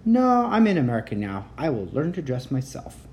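A woman's voice: extremely low pitch, very animated, moderate pace, a little mellow, heavily acted. A woman voicing a young boy prince who speaks in a formal, careful way, reading a storybook aloud. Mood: curious.

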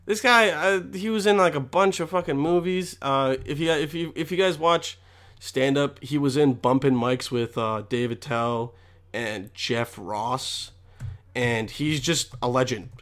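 A man's voice: mid-range voice, a little slow, a bit bright. A young man ranting to camera with constant swearing, rambling and mock exasperation. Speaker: vlogger. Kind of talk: profane comedic rant.

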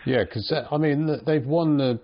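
A man hosts a relaxed podcast chat and asks his questions with a light, teasing edge. The sound is muffled and lo-fi. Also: fairly high pitch, moderate pace. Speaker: podcast host, interviewer. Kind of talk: casual interview. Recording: dull lo-fi sound.

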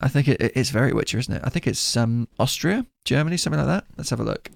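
A man's voice: medium pitch, expressive, fast talker, vocal fry, no room sound. A man in a casual podcast chat, making dry, teasing jokes about a film. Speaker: podcast co-host.

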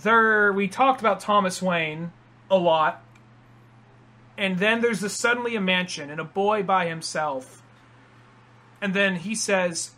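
A man hosting a casual podcast chat, rambling and acting out other people's lines in quick impressions. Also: sits high, pushed and bright. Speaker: podcast host.

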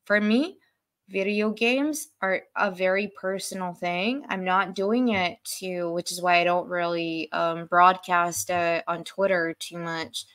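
A woman from Australia, a podcast guest in casual chat, blunt and quick to laugh. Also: fairly low pitch, a bit bright.

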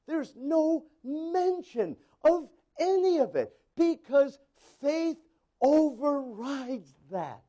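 A male pastor delivering a sermon, swinging between loud exclaiming and hushed asides as he acts out quoted voices. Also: very high voice, sing-song, very slow.

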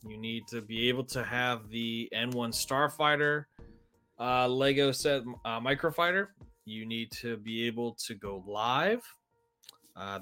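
Relaxed man chatting casually, mid pitch. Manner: relaxed storytelling with fillers. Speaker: podcast co-host. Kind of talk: casual chat.

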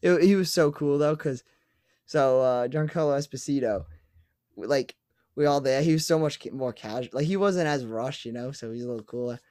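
Young male podcast co-host, excited storyteller, casual swearing, dry close sound. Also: mid-range voice, moderate pace, no echo. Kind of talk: casual chat.

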